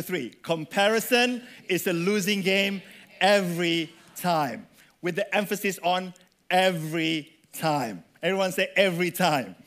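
A male pastor delivering a sermon, animated and conversational, often asking the congregation questions. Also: sits high.

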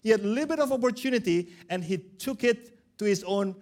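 A man's voice: high voice, expressive, brisk, darkish tone. A preacher voicing a wealthy master who is full of admiration for his cunning manager. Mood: impressed. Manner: admiring, exclaiming. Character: impressed wealthy male master.

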